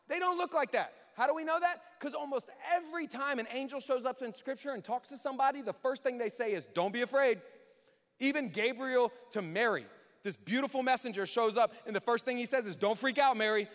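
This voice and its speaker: Animated high-voiced man preaching. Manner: animated, conversational preaching with acted-out quotes. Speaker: pastor. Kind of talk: sermon. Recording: reverberant hall.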